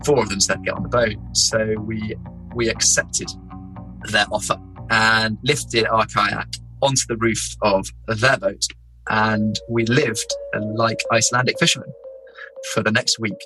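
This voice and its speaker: A young man from England, an explorer, telling his own story in a casual, animated way, laughing as he goes. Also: on the low side, over music, low-quality recording. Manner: animated, laughing, doing quick impressions of people.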